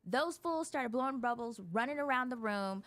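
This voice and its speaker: A woman therapist talking on a show, chatty and animated, often laughing as she explains things. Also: fairly high pitch, moderate pace. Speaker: therapist guest. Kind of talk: casual talk show conversation.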